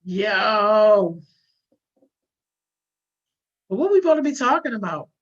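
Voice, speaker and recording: A woman's voice: medium pitch, big pitch swings, takes it slowly. A woman hosting a casual livestream, reading viewer comments aloud, using lots of slang and often laughing. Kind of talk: casual live chat. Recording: dull lo-fi audio.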